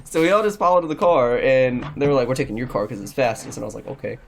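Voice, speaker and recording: A man's voice: mid-range voice, fast talker, creaky, slight background noise. A young man telling a rambling, profane story in a casual chat with friends. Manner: rambling, profane, animated anecdote. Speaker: podcast regular.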